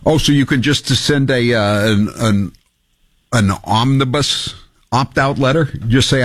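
A man's voice: medium pitch, measured pace, no room sound. A man hosting a talk radio show, making wry, incredulous and sarcastic asides. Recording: muffled radio broadcast audio.

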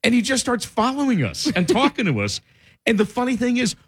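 A man's voice: extremely high pitch, fairly quick, slightly rough. A man co-hosting a radio show, telling stories in casual banter and often breaking into laughter. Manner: laughing storyteller, animated. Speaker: radio co-host. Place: radio studio.

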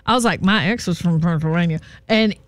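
A woman's voice: on the low side, a little fast, no echo. A woman radio co-host from upstate South Carolina with a Southern accent, chatting casually and laughing often on a morning show. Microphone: studio microphone.

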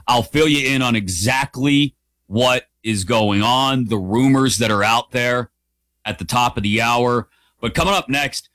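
A male sports radio host riffs on the pennant race in a lively, swinging voice that jumps up and down as he makes his points. The studio sound is dry and close, with no room echo. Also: medium pitch. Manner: animated, conversational, opinionated. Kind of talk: opinionated sports talk monologue.

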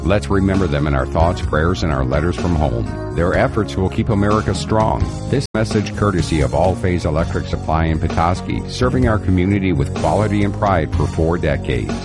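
A man reading a radio ad in a solemn, measured way. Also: sits low, music in the background. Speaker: radio ad announcer. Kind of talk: scripted radio ad read.

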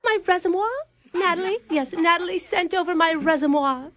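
A radio host putting on a pompous, overdone fake posh English accent for a prank call. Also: female voice, extremely high pitch, big pitch swings, a little slow, pitched above the performer's own voice, heavily acted. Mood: mock posh. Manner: pompous, malapropisms, badly overdone.

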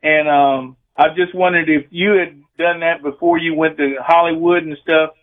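A man's voice: a little high, fairly even intonation, normal speed. A man with a Louisiana accent calling in to a radio show. He talks in a folksy, rambling way. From Louisiana, USA. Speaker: caller. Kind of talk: call-in radio question. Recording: tinny phone line.

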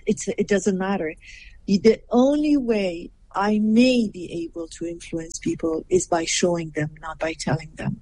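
A woman guest on a podcast giving advice in a measured, emphatic way, acting out short exchanges as she explains. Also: mid-range voice, animated, warm tone, a little hiss or hum, rough recording. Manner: measured and emphatic, acts out little dialogues. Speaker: guest, personal growth teacher.

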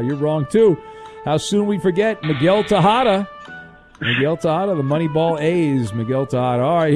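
A man's voice: on the high side, darkish tone. A man hosting a sports radio show and running a quiz game, teasing the players as he goes. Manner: playful, teasing quizmaster. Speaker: radio host.

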